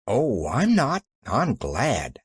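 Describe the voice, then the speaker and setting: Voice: mid-range voice, huge pitch swings, extremely slow, breathy edge, dry recording, clean studio sound, exaggerated voice. A reader voicing a cheerful, earnest little girl who chatters eagerly.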